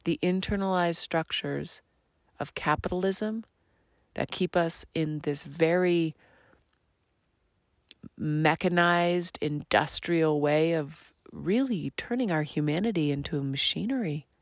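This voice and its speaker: A woman hosting her own podcast, talking in a slow, earnest, reflective monologue that drifts into soft half-whispers. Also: low-pitched, no echo, clean studio sound. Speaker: podcast host.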